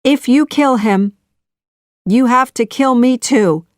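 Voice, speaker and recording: A woman's voice: medium pitch, takes it slowly, darkish tone, dry recording, clean studio sound, natural voice. A woman voicing a brave young heroine who pleads and cries out, in a children's audiobook reading. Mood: pleading.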